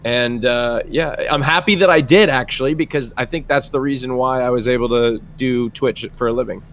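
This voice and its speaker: A man's voice: mid-range voice, moderate pace, a bit bright. Rambling casual man. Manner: rambling, nostalgic, many restarts. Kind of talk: casual chat.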